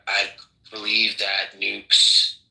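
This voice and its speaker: Man, deep voice, bright sharp tone, loose joking banter, repeats himself, casual podcast chat. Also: monotone, very slow, rough recording.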